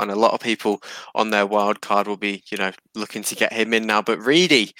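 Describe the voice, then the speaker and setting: A man's voice: lowish voice, bright, forceful tone, no room sound. A man hosting a casual fantasy football podcast, chatty and teasing. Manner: chatty, teasing, frequent fillers. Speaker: podcast host.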